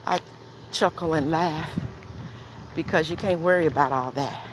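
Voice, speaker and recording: A woman's voice: low voice, moderate pace. An older woman live-streaming her walk, chatting casually to viewers between heavy breaths and sighs, out of breath. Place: outdoors in a neighborhood, walking. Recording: outdoor noise behind.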